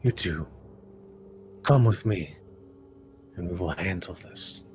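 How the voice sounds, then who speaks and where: A man voicing a weary grieving priest who speaks softly and solemnly. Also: low voice, lively intonation, slow, a little hiss or hum. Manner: tired, soft, solemn. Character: weary grieving middle-aged male priest.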